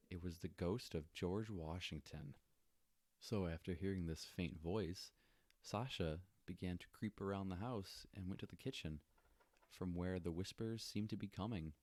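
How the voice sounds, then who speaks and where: Young male podcast co-host, very low voice, dry close sound, casual joking storyteller. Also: normal speed, no room sound. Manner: relaxed, jokey, many fillers.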